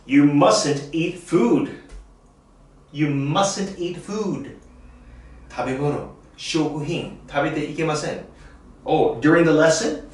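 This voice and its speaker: A man teaching an English lesson, drilling short phrases slowly and deliberately. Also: a little high, animated, heavy reverb, recorded from a distance. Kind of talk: classroom lesson demonstration.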